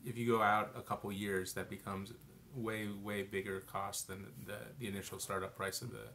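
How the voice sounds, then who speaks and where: A man with a very deep, gravelly voice and a flat, even delivery. He co-hosts a casual live-stream chat and thinks aloud in a relaxed way. Faint noise sits behind him. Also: moderate pace. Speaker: co-host.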